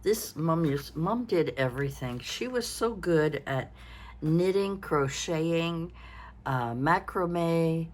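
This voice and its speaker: This woman's voice is low-pitched and a little mellow, with lively intonation and a slow pace. She's a Canadian craft vlogger in her sixties, rambling through a casual show-and-tell while tired and yawning, against slight background noise.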